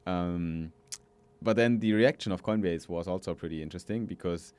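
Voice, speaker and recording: A man co-hosting a podcast, talking in a relaxed and hesitant way with many fillers. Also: sits low, normal speed, clean tone. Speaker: podcast co-host. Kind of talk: casual podcast chat. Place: podcast booth at a conference office.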